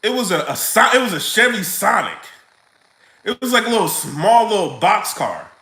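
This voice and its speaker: A man ranting casually to camera in his vlog, animated, full of slang and laughing often. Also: high-pitched, normal speed, reverberant, rough recording. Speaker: vlogger.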